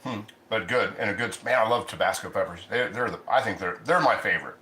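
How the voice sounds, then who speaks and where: A man's voice: fairly low pitch, fast talker, pushed and bright, roomy sound, slight background noise, rough recording. A man hosting a casual cooking livestream from his home kitchen, chatting loosely and reading viewer comments aloud. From Ohio. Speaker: cooking channel host.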